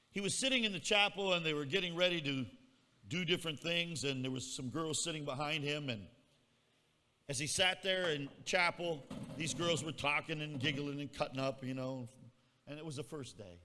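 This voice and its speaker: A man preaching a storytelling sermon with a bright, forceful voice pitched a little high. He speaks in a folksy way and teases his listeners. Long hall reverb trails his words. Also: moderate pace, long pauses. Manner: folksy, teasing the congregation. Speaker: pastor.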